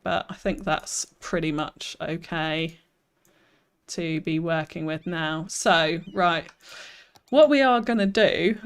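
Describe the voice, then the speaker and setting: A streamer talks through a live gameplay session, reading viewers' comments aloud and answering with self-deprecating laughs. The voice is medium-pitched and clean.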